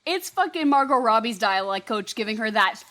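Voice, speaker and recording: A woman's voice: fairly high pitch, lively intonation, moderate pace, bright, forceful tone. A young woman co-hosting a podcast, chatting casually and animatedly, swearing often and acting out quotes. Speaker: podcast co-host. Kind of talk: casual chat.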